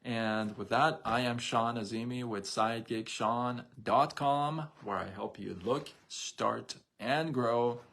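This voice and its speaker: A man's voice: medium pitch, steady tone, takes it slowly, creaky, hardly any pauses, a bit bright. A middle-aged man hosting a casual motivational live stream, talking animatedly with restarts and speaking to viewers in the chat.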